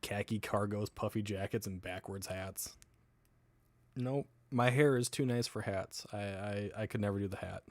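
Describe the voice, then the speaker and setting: His lowish voice comes at normal speed on a dry recording. The man, from the US South, runs a casual livestream, meandering across topics while replying to viewer comments and laughing a lot.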